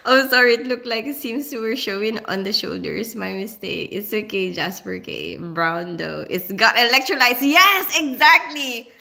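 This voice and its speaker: A woman with a fairly high, bright, forceful voice. She chats casually with viewers on a livestream, wandering off on asides and laughing a lot. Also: lively intonation, a little slow, gravelly. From Philippines. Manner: chatty, laughs often, rambling asides. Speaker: nurse and livestream host reading viewer comments.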